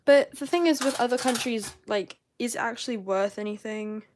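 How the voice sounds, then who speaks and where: A woman's voice: fairly high pitch, normal speed, background noise. Chatty young woman, posh southern English. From southern England. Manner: chatty, rambling. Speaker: live-stream host. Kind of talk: casual live-stream chat.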